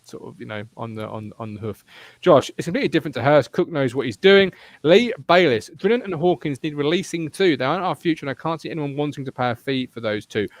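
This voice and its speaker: A man hosting a casual fan podcast, with a slightly raised pitch. He talks in an animated, jokey way and teases his co-hosts. The sound is dry and close. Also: quick pace, dry recording. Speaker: podcast host.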